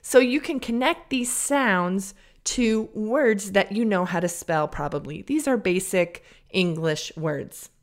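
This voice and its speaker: A woman from Illinois with a General American Midwest accent, an English teacher and podcast host giving a careful, deliberate pronunciation lesson. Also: medium pitch. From Illinois, United States. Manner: careful, deliberate teacher's delivery, drawing out model sounds. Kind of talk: slow, clear pronunciation lesson.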